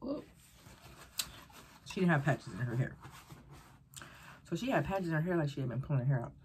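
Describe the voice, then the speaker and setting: A woman vlogger casually telling a story while eating, animated and rambling, acting out the voices of people she quotes. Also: low voice, normal speed, slight background noise. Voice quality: very breathy, husky.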